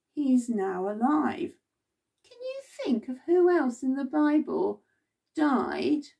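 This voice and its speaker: A woman's voice: high-pitched, creaky, warm tone, husky, far from the mic. A woman leading a children's Bible club, telling the story expressively and asking the children questions.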